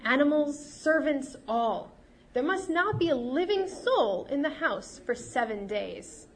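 A woman's voice: sits high, animated, a little slow, voice pushed up. A woman voicing a cunning healer who speaks with sweet, soothing, feigned sympathy. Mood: commanding.

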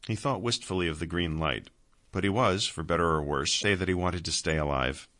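A man reading a story aloud in a measured, steady way. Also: deep voice. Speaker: narrator. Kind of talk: audiobook narration.

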